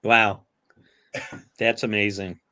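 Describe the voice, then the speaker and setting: A man co-hosting a casual podcast chat, talking in halting bursts full of fillers and restarts. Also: fairly low pitch, level tone, bright, forceful tone, a little hiss or hum. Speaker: podcast co-host.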